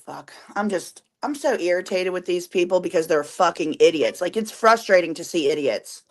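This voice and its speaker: A woman's voice: lowish voice, animated, moderate pace. A woman co-hosting a casual live stream, talking in an irritated, profane, blunt way.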